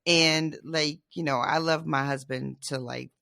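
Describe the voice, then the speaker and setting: A woman's voice: sits low, steady tone, measured pace, vocal fry, sharp tone, no room sound, clean studio sound. A woman co-hosting a podcast in casual book-discussion chat, emphatic and laughing often. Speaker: podcast co-host.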